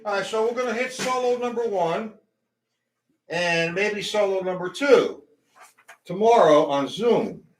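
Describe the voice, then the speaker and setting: A man's voice: high voice, lively intonation, measured pace, slight background noise. A man teaching a drum lesson, talking between demonstrations and counting beats aloud. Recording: echoey room, mic far off, loud drums.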